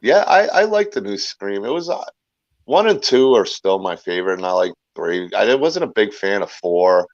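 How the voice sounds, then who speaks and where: A man's voice: fairly low pitch, very animated, moderate pace, no room sound. A man talking as a guest in a casual chat, rambling and talkative, often restarting his sentences. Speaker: guest, filmmaker and YouTuber. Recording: dull lo-fi sound.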